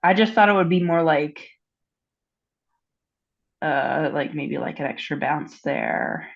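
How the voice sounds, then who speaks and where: A teenage girl with a low, gravelly, expressive voice takes her time asking her tutor about math over a call with dull audio. Congested and unsure, she scatters "like" throughout this casual session.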